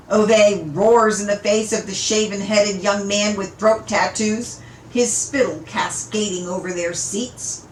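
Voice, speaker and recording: A woman reading a novel aloud in an unhurried, amused storytelling manner, in an echoey room. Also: medium pitch, fairly even intonation, slight background noise. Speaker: audiobook reader. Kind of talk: read-aloud story narration.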